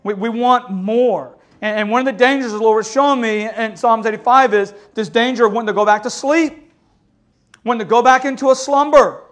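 High-voiced man preaching passionately. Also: a little fast. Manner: impassioned preaching, swinging from loud exhortation to hushed storytelling; calls listeners "family" and keeps asking "amen?". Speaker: pastor. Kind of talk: sermon. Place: church sanctuary.

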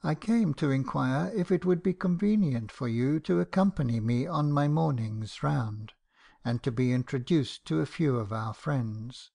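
A man voicing a fussy, prim older country surgeon in an audiobook, speaking formally and courteously while gently lecturing. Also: mid-range voice, unhurried, vocal fry. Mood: polite correction. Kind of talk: audiobook character voice.

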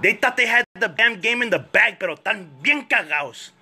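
A man gives a profane comedic rant, switching quickly between two languages. His voice is high for a man, very bright and sharp, with a husky, rough edge. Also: lively intonation. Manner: profane, fast code-switching ranting.

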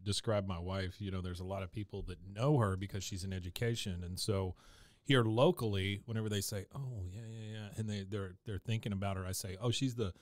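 A man's voice: sits low, fairly even intonation, a little fast, no echo. A middle-aged man co-hosting a podcast, playful and joking, laughing easily in casual chat. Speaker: podcast co-host.

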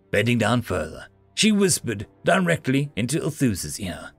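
A man narrating a science-fiction story in an expressive reading style. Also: medium pitch, normal speed, no echo, faint music behind.

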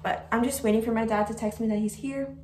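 A teenage girl chats to her camera, giddy and nervous, filling her talk with "like" and sliding into whispers now and then. Her voice is mellow and a little dark, and it sounds roomy, with a faint hiss behind it. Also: on the high side, fairly even intonation, quick pace. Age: teens. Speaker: vlogger. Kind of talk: casual vlog talk to camera.

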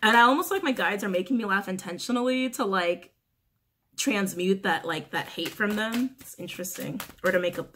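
A woman's voice: medium pitch, brisk, a little hiss or hum. Giggly woman giving a tarot reading. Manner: animated, giggly, swearing casually. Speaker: tarot reader. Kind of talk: casual tarot reading to camera.

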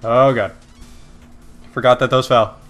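Over faint background music, a let's play gamer with a mid-range voice casually comments on his own gameplay at an unhurried pace. He's excitable, yelping and swearing when he fails and mocking other gamers.

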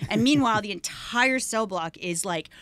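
Woman guest on a podcast, chatting and telling a story, very animated, does little voices, dry close mic. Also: mid-range voice, moderate pace, no echo. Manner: animated, acts out quoted voices. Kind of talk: casual storytelling chat. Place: podcast studio.

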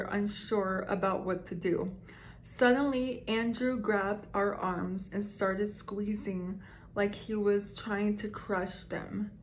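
Slow-reading woman telling creepy stories. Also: mid-range voice, a little hiss or hum. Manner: slow, reads aloud with asides and reactions. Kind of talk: casual reading of scary stories to viewers.

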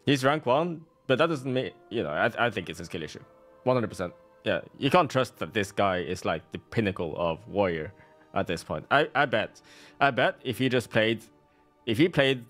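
A man's voice: lowish voice, lively intonation, brisk, fairly bright tone, faint music behind. A man streaming a game, giving casual, sarcastic commentary with a salty edge.

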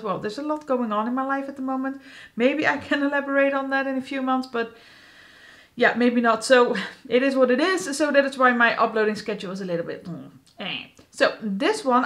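A woman's voice: a little high, fairly bright tone. A young woman vlogging about her makeup, chatty and self-deprecating, often laughing and restarting her sentences. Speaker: beauty vlogger. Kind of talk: casual chat.

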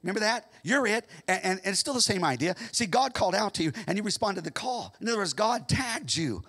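High, bright-voiced American preacher man. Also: animated, fast talker. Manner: shouts his peaks, drops to quiet asides. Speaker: pastor. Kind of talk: sermon. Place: church sanctuary.

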